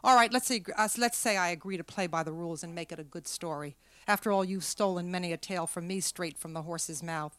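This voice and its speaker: A woman's voice: lowish voice, fast talker, hardly any pauses, a bit bright, dry recording, lightly acted. A woman reading aloud, voicing a scornful wife who speaks sardonically. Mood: sardonic. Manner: sardonic, cutting. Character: sharp-tongued, scornful wife Janice.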